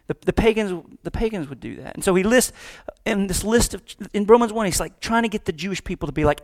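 A man preaching a casual, joking sermon, acting out quick voices as he talks. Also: high voice, expressive. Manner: conversational, joking, acts out voices. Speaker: pastor.

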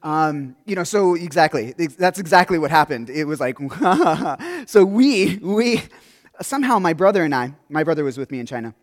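Young male preacher, slightly high voice, loose conversational sermon storytelling. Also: sing-song, moderate pace. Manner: casual, rambling storytelling with many restarts and "like".

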